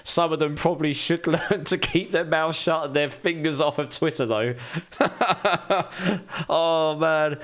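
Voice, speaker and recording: A man's voice: a little high, fairly bright tone. Chatty man streaming a game. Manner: chatty and candid, thanks viewers, quick laughs. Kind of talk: casual live-stream chat.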